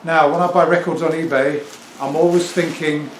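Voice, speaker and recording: A man's voice: fairly high pitch, fairly even intonation, normal speed. A middle-aged man with an English accent, talking casually and at length as a record-selling vlogger, self-assured and rambling. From England. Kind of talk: casual talk to camera. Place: home room with turntable. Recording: echoey room with faint ambient noise.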